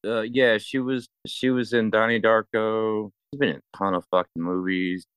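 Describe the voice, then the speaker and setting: A man's voice: on the low side, level tone, moderate pace, fairly bright tone, clear, resonant tone, dry recording. A man co-hosting a casual film chat, rambling, swearing freely, and restarting his sentences. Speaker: podcast co-host.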